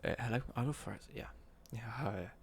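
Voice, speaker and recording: A man's voice: medium pitch, moderate pace, husky. A man live-streaming a football game and chatting cheekily with viewers, reading their messages out and joking back. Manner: cheeky, jokey banter, reads out chat messages.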